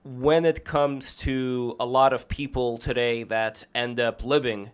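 Casting: male podcast host, steady monotone, smooth, clean voice, measured delivery. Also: medium pitch. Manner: measured, asks long questions. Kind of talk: hosting a live-streamed talk show.

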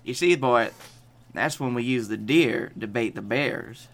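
A man playing a gruff backwoods hunting dad who speaks in a folksy drawl. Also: medium pitch, unhurried, a bit bright.

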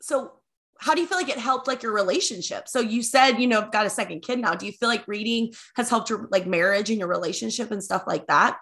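A woman's voice: a little high, a little fast, a bit bright. A woman with a Southern US accent hosting a podcast, chatting in a gushing, casual way. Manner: gushing, chatty, many likes. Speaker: podcast host. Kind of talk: casual chat.

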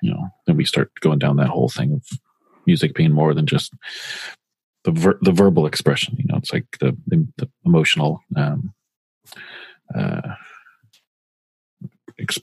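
A man co-hosting a casual podcast, his voice low and somewhat husky. He wanders through his thoughts with plenty of fillers and restarts. The sound is dry and close to the mic. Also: expressive, a little slow, pauses often, a little mellow, no room sound. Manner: rambling, many fillers and restarts. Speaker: podcast co-host.

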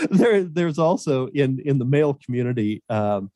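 A middle-aged man, a podcast guest, telling animated anecdotes in casual chat and laughing often, on a video call. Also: mid-range voice, unhurried, no echo, studio quality.

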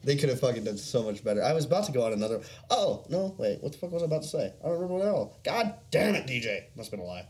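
A man's voice: mid-range voice, big pitch swings, very fast, few pauses, a little mellow. A man chatting casually on a podcast, swearing freely, laughing often and acting out other people's lines. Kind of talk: casual chat.

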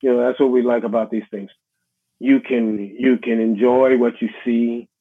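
A man's voice: mid-range voice, steady tone. Middle-aged New York man, tinny phone line. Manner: halting, many restarts, reflective. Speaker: guest musician. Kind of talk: casual interview conversation.

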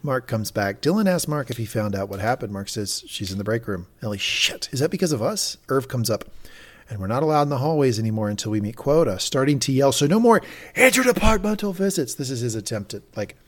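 Animated man recapping with acted-out quotes. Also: fast. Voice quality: animated, acts out character lines with big pitch jumps. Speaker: podcast co-host recapping a TV episode. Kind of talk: casual chat.

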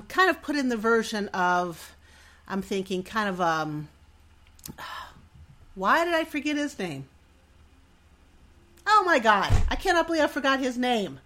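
A middle-aged woman talks through a personal story for her podcast. Her pitch swings widely as she acts out her own worries, and she laughs at herself often. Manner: animated, self-deprecating, laughs often. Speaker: podcast host.

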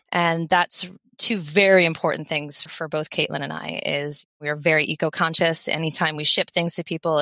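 A lively woman in her thirties from the Philadelphia area tells her career story as a podcast guest. Her voice sits slightly low, and she laughs easily. The sound is close and dry. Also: dry recording. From Philadelphia area, USA. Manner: upbeat, energetic, laughs often. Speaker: podcast guest, veterinary technician. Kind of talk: conversational interview.

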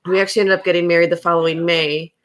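A woman with a lowish voice hosts a relaxed podcast chat. She tells stories in an animated way, often breaking into laughter. She sounds like a young adult. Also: rapid-fire. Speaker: podcast host. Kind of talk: casual storytelling chat.

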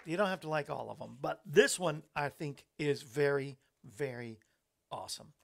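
A man's voice: a little high, normal speed, creaky. A man hosting a talk show, chatting in a rambling way and laughing at his own jokes. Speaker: host.

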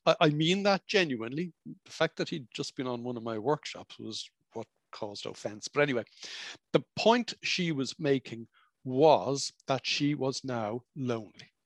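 A man's voice: medium pitch, no echo. A middle-aged man, a practicing psychologist, talking about emotions in a conversational, explanatory way with vivid examples and asides. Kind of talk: reflective spoken talk on emotions.

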